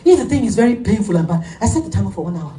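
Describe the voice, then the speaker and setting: Animated woman preacher, echoey room. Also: mid-range voice, very fast, faint music behind. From Nigeria. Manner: animated storytelling preacher, laughs often. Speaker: pastor. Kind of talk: sermon. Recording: echoey room, heard from a distance.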